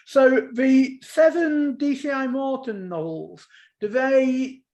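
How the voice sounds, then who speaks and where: A man hosting a book club podcast on a video call, asking friendly, halting questions. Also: extremely high pitch, darkish tone. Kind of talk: podcast interview.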